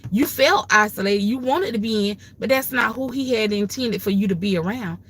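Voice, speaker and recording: A woman's voice: medium pitch, normal speed, fairly bright tone, slightly rough. An older woman with grandchildren, hosting a livestream and giving emphatic, folksy, preachy advice in a casual way. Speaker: livestream host.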